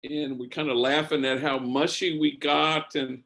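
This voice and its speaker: A man, a priest, giving spoken testimony as an unhurried storyteller who often restarts his sentences. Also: a little high, flat delivery, gravelly, fairly bright tone.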